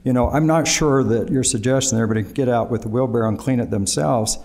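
A man at a city council meeting, explaining and defending a proposal in a measured, defensive way. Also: mid-range voice, a little mellow.

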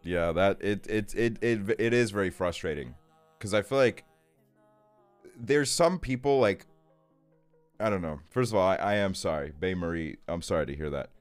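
Male streamer, lowish voice, dry close sound, sweary rant with faint music underneath. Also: moderate pace, no echo. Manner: profane, ranting, lots of fillers. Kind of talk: casual stream chat. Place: his bedroom.

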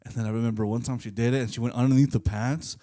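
Young male co-host, mid-pitch voice, rambling comic anecdotes. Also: fairly even intonation, very fast, mellow. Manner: loose, rambling, swearing, laughs often. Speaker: podcast co-host. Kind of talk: casual comedic storytelling.

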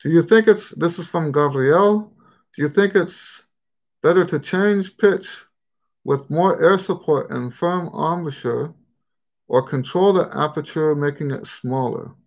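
Speaking unhurriedly in a voice on the high side, a U.S. man runs a loose, filler-heavy trumpet Q&A live stream. His regional accent wanders, blending American speech with Texan and Western Pennsylvania traces.

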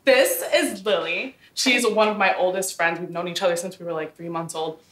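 A young woman acting as a sketch comedy host who talks in a bubbly, gushing way with quick asides. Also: on the low side, fairly bright tone. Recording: echoey room with faint music.

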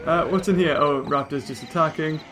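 A man giving excitable let's-play commentary as a gaming video host, exclaiming at the action on screen. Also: fairly high pitch, fairly quick, soft background music.

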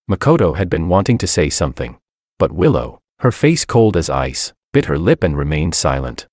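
A man giving expressive, scripted first-person story narration into a close studio mic. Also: sits low, no echo.

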